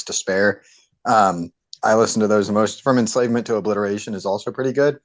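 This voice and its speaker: A man on a podcast giving his opinions in a measured, deliberate way. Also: low-pitched. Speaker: podcast co-host. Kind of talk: casual podcast discussion.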